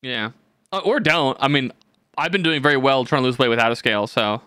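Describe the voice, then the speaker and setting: A young man co-hosting a podcast, telling stories in casual chat, animated and swearing freely, acting out the people he quotes. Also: mid-range voice, a little fast, smooth, no room sound. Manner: swears a lot, animated storytelling with quoted voices. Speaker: podcast co-host.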